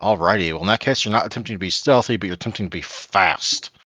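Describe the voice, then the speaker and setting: Low-voiced man running a tabletop game. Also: a bit bright, breathy edge, no room sound. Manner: unhurried, searching for words with many fillers. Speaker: game master.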